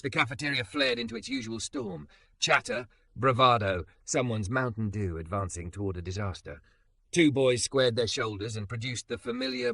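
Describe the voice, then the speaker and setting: A man narrating a scripted story in an even, measured reading. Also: fairly low pitch, vocal fry, no room sound.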